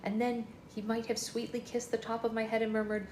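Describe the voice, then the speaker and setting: A woman's voice: fairly high pitch, little pitch movement, a little fast, a little mellow. A woman hosting a book club livestream, reading a novel aloud in a chatty first-person narrating manner, indoors. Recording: echoey room with faint noise.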